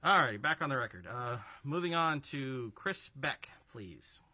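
Bright-voiced committee chair running a hearing. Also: male voice, mid-range voice, very animated. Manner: formal, brisk, procedural.

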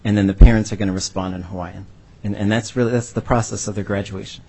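A man with a husky, somewhat low voice answers on a panel. He speaks as a language educator and tells his story earnestly and from the heart. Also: steady tone, quick pace, warm tone.

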